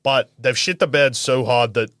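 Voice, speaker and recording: A man co-hosting a casual film podcast, rambling through his points with plenty of swearing and filler words. His voice sits at an ordinary pitch, recorded dry and close. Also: steady tone, moderate pace, fairly bright tone, no echo. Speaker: podcast co-host. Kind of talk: casual film review chat.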